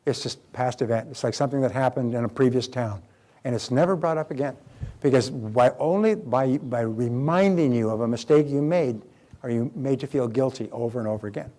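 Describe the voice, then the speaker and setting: Older man, motivational seminar speaker, emphatic, repeats key phrases, acts out dialogue, mid-pitched voice. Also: a little fast, dark tone.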